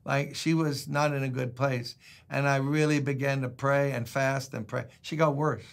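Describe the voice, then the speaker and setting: A man's voice: medium pitch, steady tone, normal speed, vocal fry. An older man, a pastor, giving a conversational devotional sermon, telling folksy stories and reading scripture aloud.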